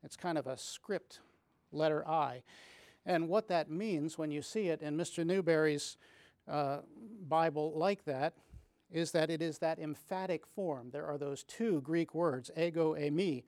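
A man giving a measured, reflective Bible teaching, reading scripture aloud and pausing with small restarts as he explains. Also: fairly high pitch, darkish tone, no room sound, clean studio sound.

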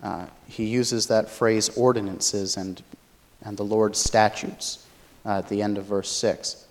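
Male Bible teacher, lowish voice, thoughtful lecturer who hesitates as he explains. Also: flat delivery, measured pace. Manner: thoughtful, many fillers and restarts, explanatory.

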